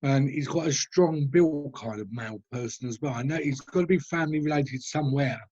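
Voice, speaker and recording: Husky-voiced man medium, dull video call audio. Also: mid-range voice, darkish tone. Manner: halting, hesitant, describing at length. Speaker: spiritualist medium.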